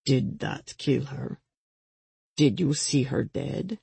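A reader playing a cold male crime boss, slow and deliberate, with a gravelly, husky voice. His questions cut with sarcasm. Dry close recording. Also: mid-range voice, expressive, mellow, no room sound, exaggerated voice. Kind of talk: audiobook character reading.

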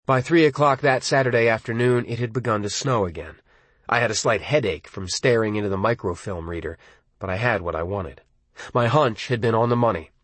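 A man narrating an audiobook in the first person, measured and brooding in tone. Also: lowish voice, fairly bright tone, breathy edge, dry recording.

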